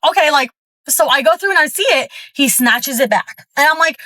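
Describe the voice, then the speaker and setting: Chatty high-voiced woman telling a story. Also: animated, brisk, pushed and bright, no room sound. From Florida, USA. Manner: chatty, filler-heavy, fired-up retelling. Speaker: storyteller vlogger. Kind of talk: casual storytime monologue. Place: at a gym.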